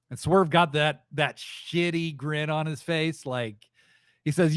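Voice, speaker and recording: A man hosting a live wrestling podcast, recapping events in a rambling, excitable, profane way. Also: on the high side, a little slow, dry recording, studio quality. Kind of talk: casual live show recap.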